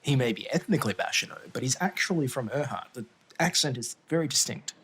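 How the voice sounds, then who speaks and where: A man narrating a tabletop game as game master in a relaxed way, with "uh" fillers. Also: medium pitch, quick pace, breathy edge.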